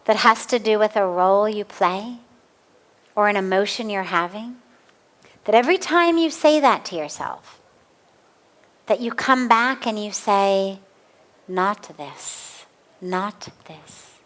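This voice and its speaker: A woman spiritual teacher speaks in a measured, deliberate way, answering questions in a spiritual discourse. Her voice sits at a middle pitch, and she takes her time with each phrase. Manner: slow, calm and deliberate. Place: outdoor garden.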